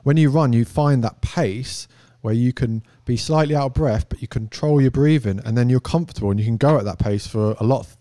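A man's voice: medium pitch, brisk, dark tone, dry recording, clean studio sound. A young man in casual chat, speaking eagerly and explaining with vivid everyday comparisons. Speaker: podcast co-host.

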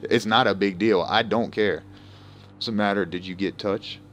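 A man's voice: lowish voice, fairly even intonation, normal speed, noisy background. A young man streaming a game live, ranting profanely and confrontationally at people in his chat and voice chat. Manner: profane, confrontational, trash-talking.

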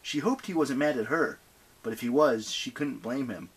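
Male audiobook narrator, husky, middle pitch, expressive read. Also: normal speed. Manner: expressive reading.

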